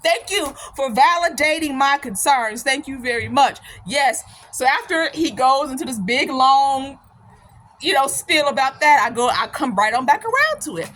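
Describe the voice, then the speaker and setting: A woman's voice: high-pitched, animated, moderate pace, fairly bright tone. A woman host telling a personal story in a casual, emphatic way, laughing often. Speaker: channel host.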